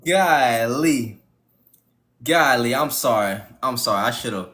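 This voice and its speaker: A man's voice: mid-range voice, lively intonation, slow, sharp tone. A man hosting a live panel stream, ranting profanely with restarts, stutters and laughter. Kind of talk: casual live-stream talk.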